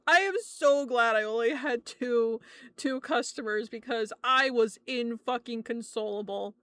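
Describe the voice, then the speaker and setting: A young woman streamer telling stories in a casual chat, animated, swearing often and laughing between lines. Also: on the high side, normal speed, no room sound.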